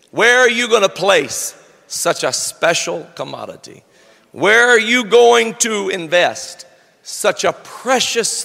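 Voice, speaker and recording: A man preaching a sermon, slow and deliberate, building up to shouted declarations. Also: high voice, gravelly, long reverb tail.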